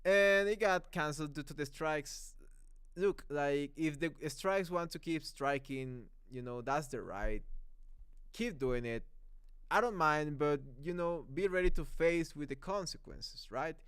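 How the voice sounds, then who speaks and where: A young man from Mexico chats through a live-stream review in English with his Mexican accent. His voice is smooth and clear, pitched slightly high, and heard dry and close. He rambles, doubles back on words and laughs often. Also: unhurried, a bit bright, no room sound. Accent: Mexican Spanish. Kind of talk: casual live-stream chat.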